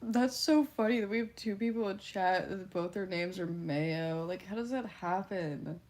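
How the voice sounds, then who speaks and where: A woman's voice: mid-range voice, normal speed, a little mellow. A young woman streaming live, reading out viewer comments and replying in a teasing way, laughing a lot. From Canada. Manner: giggly, teasing, often laughing between lines. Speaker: livestreamer.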